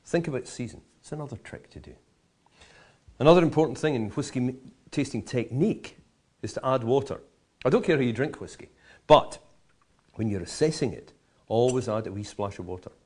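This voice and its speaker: A man's voice: medium pitch, animated, brisk, long pauses, a little mellow. A man teaching how to taste, enthusiastic and full of vivid comparisons and playful asides. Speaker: whisky educator. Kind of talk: explanatory tasting talk.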